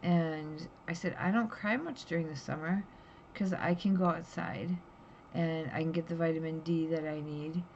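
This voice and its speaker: A worn-out woman talks through her day in a rambling, emotional personal vlog. Her voice sits a little low, and the recording is dull and lo-fi with a faint hiss behind her. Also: steady tone, moderate pace, darkish tone. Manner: raw, rambling, emotional storytelling. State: tired, drowsy. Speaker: vlogger.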